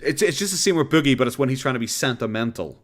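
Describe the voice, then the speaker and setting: A man's voice: mid-range voice, animated, quick pace. Irish man, streamer, casual commentary, sarcastic, swearing, frequent laughter. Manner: sarcastic, profane, laughs often.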